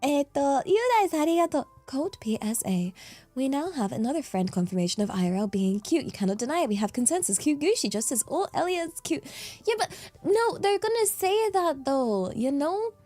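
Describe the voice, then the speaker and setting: A woman's voice: sits high, big pitch swings, fast, warm tone, no echo, faint music behind. Giggly British woman streamer. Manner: playful and giggly, swooping into squeals. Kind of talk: casual livestream chat answering viewers.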